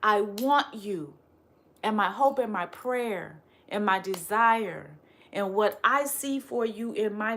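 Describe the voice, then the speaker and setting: A woman speaking straight to her audience as a spiritual teacher, emphatic and repetitive, firing off rhetorical questions and dropping softly on her refrains. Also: medium pitch. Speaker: spiritual teacher and channel host. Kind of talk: direct-to-camera motivational talk.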